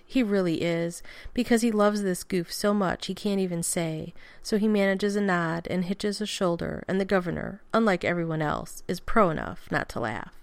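A woman narrating a fan fiction story aloud at a steady pace with casual swearing. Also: fairly low pitch, vocal fry, no room sound.

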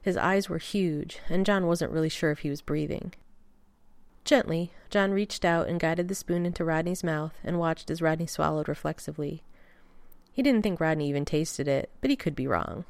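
Low-voiced woman narrating a story. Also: moderate pace, creaky, no room sound. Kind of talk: fan fiction reading.

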